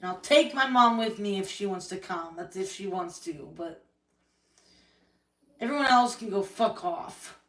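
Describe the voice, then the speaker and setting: A woman's voice: mid-range voice, animated, a little slow, a bit bright, recorded from a distance. A woman venting angrily and tearfully on a livestream, swearing often as she speaks about her family and her hurt. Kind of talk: emotional livestream rant. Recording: echoey room, voice from the mic.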